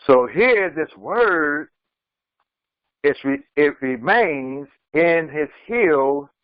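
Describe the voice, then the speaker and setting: A man, an imam, giving a slow commentary on scripture, reciting verses and then translating them phrase by phrase. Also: fairly high pitch, animated, no echo, phone-quality sound. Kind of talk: Quran commentary lesson.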